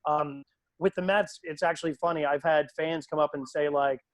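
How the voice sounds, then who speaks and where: A man who works as a PA announcer, telling stories in a lively, casual way on a video call. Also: on the high side, moderate pace, dry recording. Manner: animated, acts out quoted voices.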